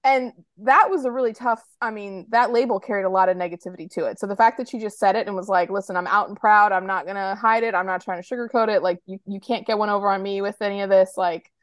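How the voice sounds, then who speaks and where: A woman's voice: mid-range voice, steady tone, fast, hardly any pauses, no room sound. An American woman co-hosting a podcast in casual chat, animatedly retelling scenes and acting out the characters' lines. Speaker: podcast co-host.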